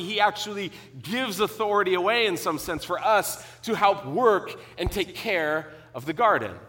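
A middle-aged man preaching a sermon, earnest and emphatic, teaching with pauses and restarts. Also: sits high, sharp tone. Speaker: pastor.

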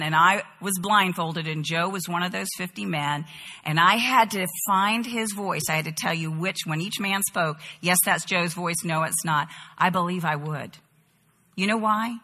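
Woman Bible teacher, 50s, animated sermon delivery, bright tone, echoing hall. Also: mid-range voice. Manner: expressive and animated, rhetorical questions. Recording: hall reverb.

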